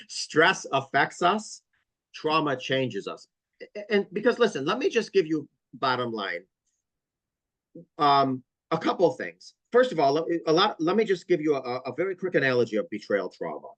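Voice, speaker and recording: A man's voice: fairly high pitch, sing-song, brisk, no room sound, low-quality recording. Guy on a podcast talking like a counselor, earnest, repeats key points, dry room. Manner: earnest, vivid storytelling with repeated emphasis. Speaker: trauma counselor guest. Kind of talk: interview podcast conversation.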